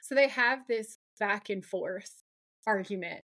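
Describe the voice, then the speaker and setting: A woman's voice: medium pitch, slow pace. A woman co-hosting a podcast, animatedly recapping a TV episode in casual chat and acting out the characters' lines as she goes. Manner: animated, acts out the characters' lines while retelling scenes. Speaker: podcast co-host.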